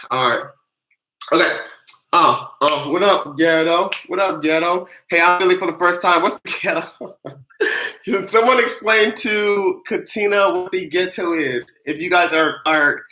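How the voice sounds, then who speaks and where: A live-stream host who answers viewer questions in a loose, casual way and whips up the chat with loud chants. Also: medium pitch. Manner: hyped-up, cheerleading the chat; casual, loose, with many fillers and restarts. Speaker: tax livestream host. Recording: roomy echo.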